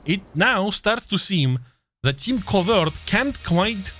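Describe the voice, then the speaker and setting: A man's voice: high-pitched, expressive, slow pace, fairly bright tone, soft background music. A man with a Russian accent giving casual, joking live esports commentary and chatting with viewers, laughing often. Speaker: esports caster.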